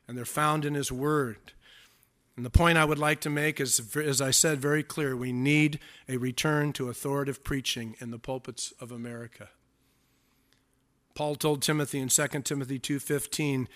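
A man's voice: a little high, a bit bright. A male pastor preaching a sermon, reading scripture aloud and adding joking asides.

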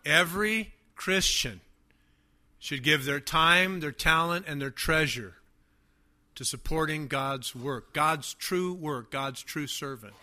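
A man preaching a sermon, emphatic and repetitive, often dropping to quiet asides. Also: fairly high pitch, takes it slowly. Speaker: pastor.

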